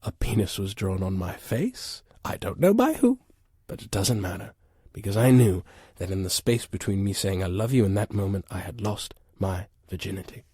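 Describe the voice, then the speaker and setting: A man's voice: low voice, steady tone, normal speed, hardly any pauses, mellow, slightly rough, no echo, studio quality. A man guest on a comedy podcast, telling an absurd story in an earnest, mock-dramatic way. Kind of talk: deadpan comic storytelling.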